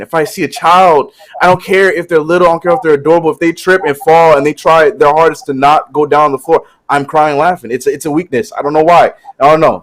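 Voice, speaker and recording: A young man co-hosts a casual sports talk show. His voice sits slightly high, and he keeps breaking into giggles mid-sentence. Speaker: co-host.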